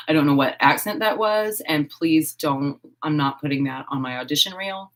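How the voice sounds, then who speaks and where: A woman hosting a casual live stream while crafting. She chats, giggles and thinks out loud. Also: low voice, moderate pace. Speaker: host of a horse-themed channel.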